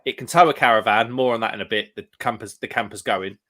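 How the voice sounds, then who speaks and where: A man's voice: lowish voice, fast talker, sharp tone. A man, telling a long rambling story over casual chat and acting out what other people said. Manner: rambling anecdote teller, acts out quotes. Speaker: live stream co-host.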